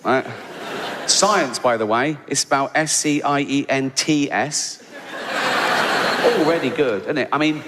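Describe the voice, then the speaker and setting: An English man doing stand-up comedy, sardonic and mocking, breaking into high, incredulous outbursts. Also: unhurried, pauses often, fairly bright tone. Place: large theatre stage. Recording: big hall reverb with audience laughter.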